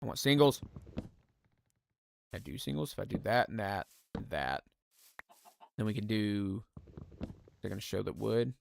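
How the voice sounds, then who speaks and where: A man's voice: fairly low pitch, lively intonation, measured pace, vocal fry, long pauses, a little hiss or hum. A man casually thinking aloud while playing a building game live, poking fun at himself and chatting to his viewers. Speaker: streamer. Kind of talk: casual live gameplay commentary. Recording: music playing behind the voice.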